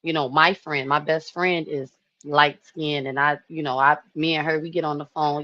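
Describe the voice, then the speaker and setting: A woman in her early thirties telling a personal story to her viewers in a chatty, animated way, often saying "you know". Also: low voice, measured pace, no echo, highs cut off. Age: 30s. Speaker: vlogger.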